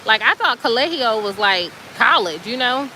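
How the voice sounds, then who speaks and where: High, bright-voiced woman chatting casually. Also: moderate pace, slight background noise, poor audio. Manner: animated, colloquial, lots of fillers. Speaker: host.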